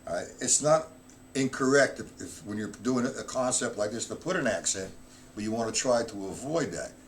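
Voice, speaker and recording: A middle-aged man teaching a live-streamed drum lesson, counting rhythms aloud loud and slow between explanations. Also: medium pitch, animated, a little hiss or hum.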